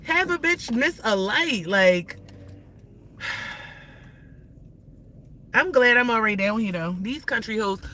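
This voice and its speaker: A woman's voice: on the high side, lively intonation, slow pace, pauses often, bright, forceful tone, poor audio. A woman in her thirties livestreaming from inside her car as she drives, ranting in a heated, profane, rambling way. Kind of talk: ranting live stream while driving. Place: inside a car while driving.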